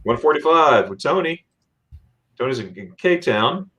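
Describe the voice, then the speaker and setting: This is a chatty man hosting a livestream and reading viewer comments aloud. He rambles and restarts his sentences with lots of fillers. His pitch sits in a middle range. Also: expressive, measured pace, bright, forceful tone. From Florida. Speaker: livestream host.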